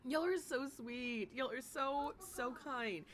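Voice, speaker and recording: A woman streamer chatting casually with her live chat, talking in a loose way full of likes and quick laughs. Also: sits high. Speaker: streamer reacting to a livestream.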